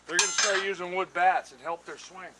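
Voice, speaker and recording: An older man and retired pitcher, an interviewee who tells casual stories in an animated way and acts out what other people said. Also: brisk, heavy background noise. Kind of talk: casual anecdotal storytelling. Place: home bat workshop.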